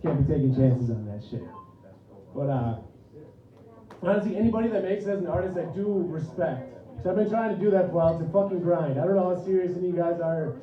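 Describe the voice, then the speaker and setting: A man in his thirties works a club crowd with a loose, profane stand-up set and keeps laughing at his own jokes. His voice sits high, and he sounds set back from the mic. The recording is dull and roomy, as in a small club. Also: fast talker, recorded from a distance. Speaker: stand-up comedian. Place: comedy club stage.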